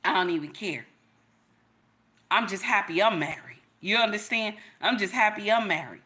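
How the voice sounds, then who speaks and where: Middle-aged woman livestream host, bright voice, emphatic and repetitive. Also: medium pitch, moderate pace. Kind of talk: casual livestream commentary.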